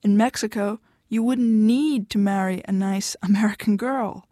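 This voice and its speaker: A woman voicing a blunt, dismissive young wife in an audiobook, cutting and sharp-tongued. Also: medium pitch, moderate pace, no echo, studio quality, natural voice. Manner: cutting, dismissive, flares into shouting. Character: blunt, cold young wife pushing her husband away. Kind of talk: audiobook dialogue.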